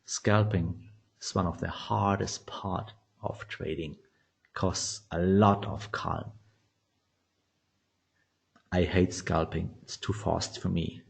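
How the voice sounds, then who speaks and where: A man teaching trading psychology in non-native English, animated and often restarting phrases. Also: low-pitched, takes it slowly, gravelly, pauses often. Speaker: trading educator. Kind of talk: instructional talk.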